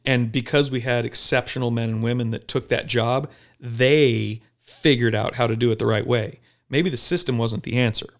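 Gravelly-voiced, blunt, profane man. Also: medium pitch, moderate pace. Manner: blunt, profane, animated storytelling. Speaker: police officer. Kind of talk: casual podcast talk.

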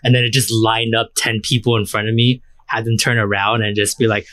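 A man's voice: fairly low pitch, flat delivery, a little fast, fairly bright tone. A man co-hosting a podcast in casual chat, talking in a rambling, crude way full of fillers. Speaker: podcast co-host.

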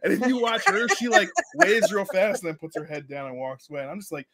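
Male co-host, lightly raised pitch, sarcastic and animated in casual talk. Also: fast, hardly any pauses. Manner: animated, sarcastic, mocking impressions. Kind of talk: casual podcast chat.

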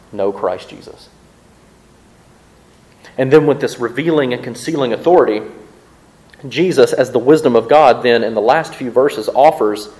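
Guy pastor giving a sermon, chatty, keeps saying right?, mid pitch. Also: a little mellow, rough recording. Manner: conversational preaching with frequent "right?" asides.

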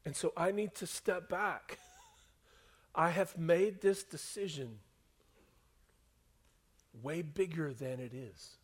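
High-pitched pastor guy preaching to a room full of people, goes quiet then loud, lots of punch. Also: slow, long pauses, breathy edge. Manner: swings from hushed to loud and emphatic. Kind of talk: sermon. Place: church hall before a congregation.

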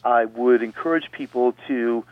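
Speaking at a measured pace in a mid-range voice, a male radio host patiently breaks down grammar point by point and repeats himself to keep listeners with him. The audio is dry and phone-like, with no echo.

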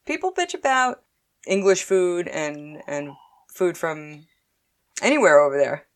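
A woman with a notably low, deep voice talks in a loose, chatty way. She tells lively stories about everyday things and often breaks into laughter. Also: unhurried. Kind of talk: casual chat.

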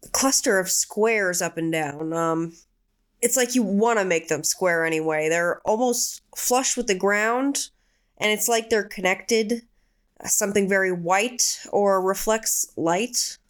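A woman reading a session transcript aloud, describing things in a halting, searching way with many fillers. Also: medium pitch.

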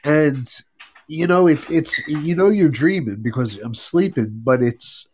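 A man on a paranormal call-in show, speaking haltingly and apologizing as he restarts his sentences. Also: a little high, darkish tone, a little hiss or hum. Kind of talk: casual call-in chat.

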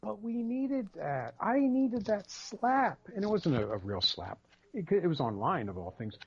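A man's voice: sits high, very animated, a little slow, gravelly, slightly rough, highs cut off. A man co-hosting a casual podcast, speaking in an emphatic, rambling way with many repeated words. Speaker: podcast co-host.

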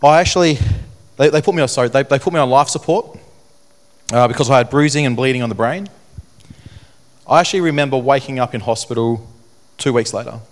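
Young man, earnest testimony speaker, halting and repetitive, mid-pitched voice. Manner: earnest, halting, repeats phrases. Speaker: speaker telling his testimony. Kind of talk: personal testimony talk to an audience.

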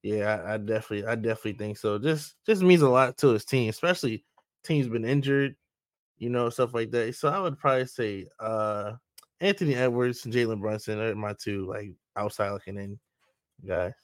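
A man's voice: on the low side, a little fast, no room sound, clean studio sound. Laid-back man giving basketball picks. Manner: relaxed, hesitant, many fillers. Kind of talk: casual sports chat.

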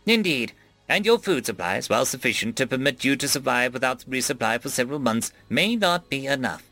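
A man voicing a calm, formal male AI ship core with flat, precise phrasing. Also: medium pitch, a little fast, soft background music, full character voice. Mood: measured.

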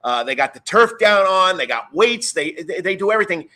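A man with a New York accent hosting a live sports radio show, talking loud and upbeat, rambling with plenty of fillers. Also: sits high, expressive, fairly quick.

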